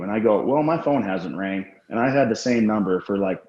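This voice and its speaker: A man's voice: fairly low pitch, brisk, dark tone. A man telling rambling, profane anecdotes as a guest in a casual interview. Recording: roomy, dull lo-fi sound.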